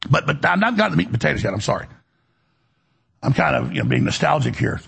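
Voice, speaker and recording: A male show host rants into the studio mic with a heavily gravelly, husky voice. He rambles in an agitated way, repeats himself and restarts sentences over and over. His voice sits a little above the usual male pitch. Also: big pitch swings, quick pace, a bit bright. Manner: agitated, repetitive, with many restarts. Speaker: radio and web show host. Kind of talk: rambling broadcast monologue. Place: broadcast studio.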